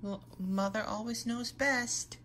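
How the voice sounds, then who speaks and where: A woman's voice: on the high side, fairly even intonation, slow, fairly bright tone, slight background noise. A woman playing a caring, motherly girl superhero who encourages her little sister, in a fan role-play. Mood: gentle, encouraging.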